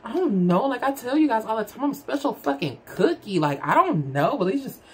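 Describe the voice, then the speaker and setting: A woman's voice: a little fast, husky. A woman telling a personal story in a casual, candid, chatty way, talking straight to her audience. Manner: chatty, candid, addresses the audience as "girl" and "y'all"; animated, with big swings in pitch. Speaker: storyteller vlogger.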